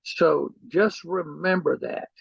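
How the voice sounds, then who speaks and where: A man's voice: fairly high pitch, steady tone, takes it slowly, creaky, slightly rough, dry recording, lo-fi sound. A man teaching real estate through a personal story, acting out the people he quotes. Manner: storyteller who acts out quoted people, repeating "he goes". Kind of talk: anecdotal teaching talk.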